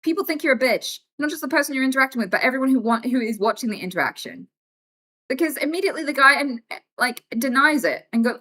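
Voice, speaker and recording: Blunt, bright-voiced woman streamer. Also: sits high, animated, fast. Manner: blunt, exasperated, frank. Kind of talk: casual livestream chat.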